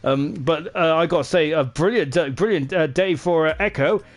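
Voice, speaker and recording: A man doing live sim racing commentary, chatty and excitable, with lots of fillers and tag questions, who rises into shouts at the finish. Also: fairly high pitch, moderate pace. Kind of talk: live esports race commentary.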